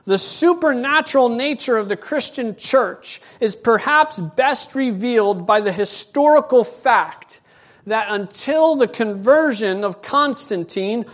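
Man, middle-aged, pastor, sermon, animated storyteller. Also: very high-pitched, measured pace. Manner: animated storytelling, acts out voices.

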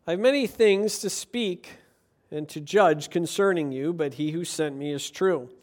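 A pastor delivers a sermon, mixing scripture reading with playful stories. His voice sits high for a man, and he moves from hushed asides to loud, punchy lines. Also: unhurried. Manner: animated, jokey storytelling, swings from quiet to loud. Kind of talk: sermon with Bible reading and jokes.

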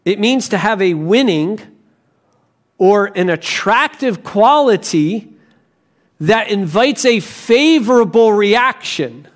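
A man preaching a sermon as pastor, deliberate, with bursts of animated storytelling. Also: sits high.

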